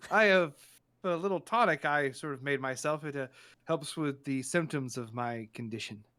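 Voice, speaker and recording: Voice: medium pitch, fairly bright tone, lightly acted. A game master voicing a hesitant male doctor who halts and restarts while he answers. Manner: hesitant and slow, with halting restarts.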